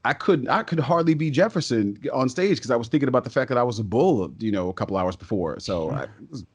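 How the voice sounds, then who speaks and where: A man, a stage and voice actor, telling stories as a podcast guest in an excitable, talkative way. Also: medium pitch, slightly rough. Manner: talkative and excitable, quick bursts and restarts. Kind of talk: casual podcast interview storytelling.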